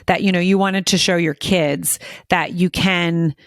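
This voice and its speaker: A woman's voice: on the low side, a little slow, dry recording, clean studio sound. A middle-aged woman hosting an interview, talking openly and emotionally, telling stories with many restarts. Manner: emotional, animated storyteller with frequent restarts. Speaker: podcast host. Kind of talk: casual interview chat.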